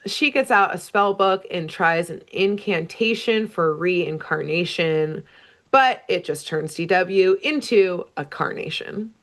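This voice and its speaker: A woman's voice: lowish voice, slow. Chatty woman podcaster recapping a cartoon. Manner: animated storyteller, chatty, laughing. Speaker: podcast co-host. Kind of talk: casual chat recapping a cartoon.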